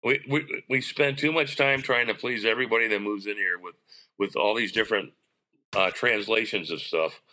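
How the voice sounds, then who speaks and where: A man talking through his views in an easygoing podcast chat. His voice is strikingly bright and sharp. He presses his points emphatically, often restarting mid-sentence. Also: lowish voice, moderate pace. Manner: opinionated, emphatic, frequent restarts.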